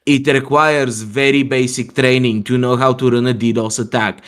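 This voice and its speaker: A man's voice: mid-range voice, steady tone, normal speed. A man, a guest on a livestream, ranting in a profane and sarcastic way in casual chat over a video call mic.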